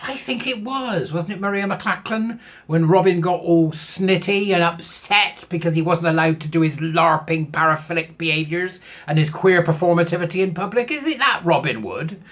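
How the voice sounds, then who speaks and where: A man's voice: high-pitched, expressive, normal speed, a bit bright. A man, reading out a news article and mocking it sarcastically, laughing often at his own jokes. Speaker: commentary channel host.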